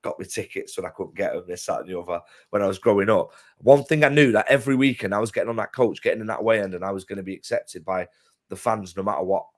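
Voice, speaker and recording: A man chatting passionately as co-presenter, getting loud and emphatic. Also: on the low side, fast talker. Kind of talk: casual chat.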